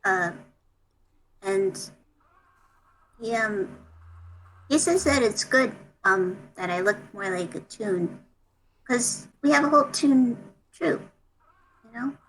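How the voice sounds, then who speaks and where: A woman voicing a shy young half-toon in a role-play, talking haltingly with many ums. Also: on the high side, lively intonation, fairly bright tone, a little hiss or hum, heavily acted, low-quality recording.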